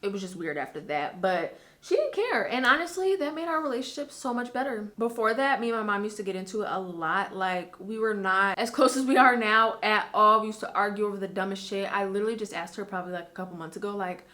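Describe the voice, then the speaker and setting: A woman's voice: mid-range voice, animated, fast talker, hardly any pauses, pushed and bright. A young woman in her twenties, telling a personal story in a candid, casual vlog, with frequent fillers and swearing. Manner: candid, chatty, swears freely, lots of fillers. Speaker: YouTuber.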